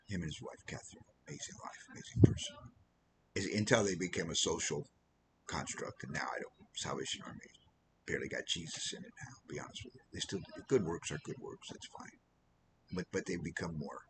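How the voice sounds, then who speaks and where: A man's voice: sits low, a little hiss or hum, rough recording. A man preaching an informal sermon as a missionary, rambling and losing his train of thought now and then. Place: Philippines.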